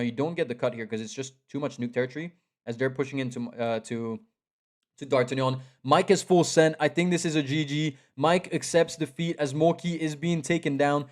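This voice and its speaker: A young man giving live commentary on a strategy game match. He is excitable, repeats himself and talks straight to the players. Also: mid-range voice. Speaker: esports caster.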